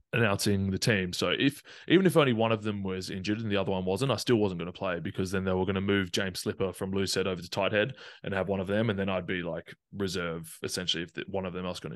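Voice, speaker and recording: A young man, a rugby player, telling his story casually and fast, with many fillers. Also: low-pitched, dry recording, clean studio sound.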